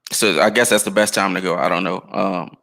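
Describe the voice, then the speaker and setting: A man's voice: low voice, steady tone, a little fast, gravelly, pushed and bright. An American man chatting casually on a podcast, telling stories in a laid-back, slangy way. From United States. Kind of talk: casual chat.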